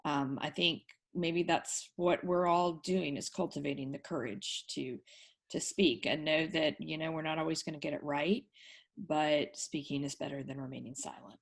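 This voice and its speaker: A woman hosting a podcast interview, giving brief affirmations and gently thanking her guest as she wraps up. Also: deep voice, fairly even intonation, normal speed, gravelly, breathy edge. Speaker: podcast host.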